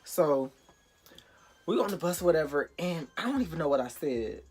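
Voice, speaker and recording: A young man telling a storytime vlog, animated and profane, acting out the quotes loudly. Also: fairly high pitch, moderate pace, husky. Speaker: vlogger.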